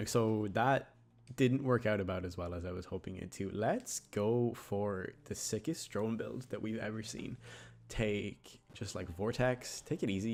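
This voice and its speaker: A man's voice: lowish voice, a little mellow. A man giving casual, rambling, jokey commentary while playing a video game. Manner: rambling, chatty, jokey asides. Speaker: gaming YouTuber.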